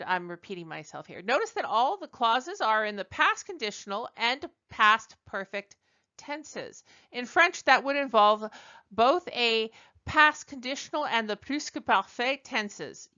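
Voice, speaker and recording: A woman with a slightly high, bright, forceful voice delivers a conversational slide lecture on French. She occasionally corrects herself and shifts into French to read examples aloud, all captured on dull audio.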